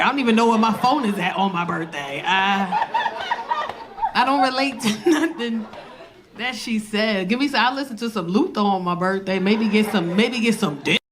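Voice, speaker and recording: A woman in her forties doing a stand-up comedy set, telling stories in a brash, profane style and laughing often. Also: fairly high pitch.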